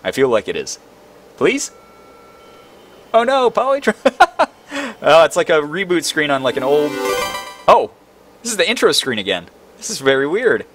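A young man commentating a video game, excitable and quick to exclaim. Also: on the high side, soft background music. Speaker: gaming video host. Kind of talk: let's play commentary.

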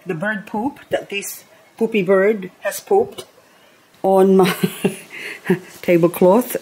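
A middle-aged woman chatting casually at home in a soft, slow way, now and then baby-talking to her pet bird. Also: medium pitch, steady tone, slightly rough. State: grieving, recently teary. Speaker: gardening vlogger. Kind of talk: casual chat to camera. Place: home, indoors.

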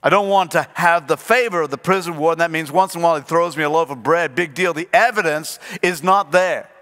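A male pastor delivers a sermon to a live congregation, acting out the characters as he tells the story. His voice sits high and bright. The sound carries the long reverb of a large church hall. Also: a little fast.

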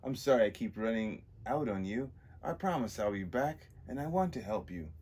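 A man's voice: lowish voice, expressive, moderate pace, darkish tone, slightly rough. A man voicing an earnest, fretful male mutant hero with put-on German exclamations, read from a comic.

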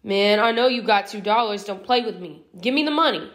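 A woman's voice: medium pitch, lively intonation, a little fast, natural voice. Woman voicing a threatening street stranger. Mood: pushy. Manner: demanding, threatening. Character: menacing male street stranger with a gun.

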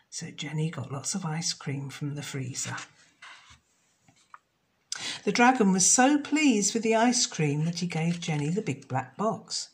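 A woman reads a children's storybook aloud at an unhurried pace. Her voice is on the low side but lilts up and down expressively. She drops into a soft, breathy hush at suspenseful moments. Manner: slow, expressive and lilting.

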